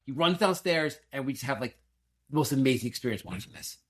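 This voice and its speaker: A man's voice: medium pitch, lively intonation, fairly quick, a bit bright. A middle-aged man co-hosting a sports podcast, ranting animatedly through a story and acting out what his family said. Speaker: podcast co-host. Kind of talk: casual sports podcast chat.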